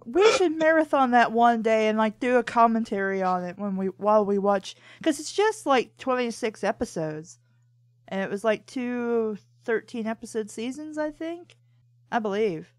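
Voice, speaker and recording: A woman chats casually as a co-host, spinning a rambling story full of "I'm like" and restarts. Her voice sits a touch high and sounds dry and close, with no room ring around it. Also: animated, normal speed, no echo. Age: adult. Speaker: podcast co-host. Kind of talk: casual chat, anecdotal storytelling.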